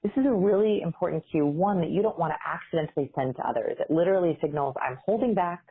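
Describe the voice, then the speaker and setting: Low, husky woman guest, animated explainer, heard over a tinny phone-like remote line. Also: quick pace. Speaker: interview guest, behavior researcher.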